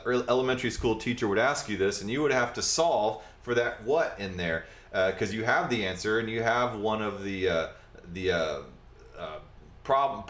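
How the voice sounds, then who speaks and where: A man's voice: on the low side, a bit bright, roomy sound. A man hosting a casual livestream, explaining a technical topic in a rambling way with many fillers and side jokes. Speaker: podcast host.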